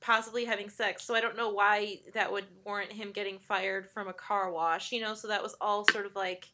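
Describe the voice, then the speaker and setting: A woman chatting casually about a film, laughing often and getting animated when she quotes characters. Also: medium pitch, fairly quick.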